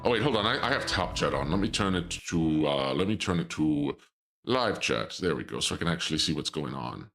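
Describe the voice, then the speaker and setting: A man's voice: a bass voice, lively intonation, fairly quick, a bit bright, faint music behind. A man streaming a video game, rambling and joking through casual commentary. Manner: jokey, rambling, self-interrupting. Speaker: gameplay streamer.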